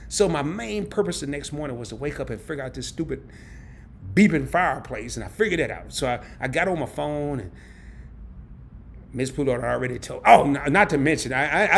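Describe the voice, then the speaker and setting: A man hosting a casual livestream, telling a story in an animated, slangy way and laughing often. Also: a little high. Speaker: travel and credit card channel host. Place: home during a power outage.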